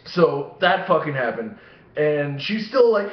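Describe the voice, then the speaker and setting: Swearing dude rambling on a vlog, dull lo-fi sound, roomy echo. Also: male voice, a little high, sing-song, moderate pace. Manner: rambling, swears constantly, laughs at own stories. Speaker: vlogger. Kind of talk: rambling profane storytelling to camera. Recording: echoey room, dull lo-fi sound.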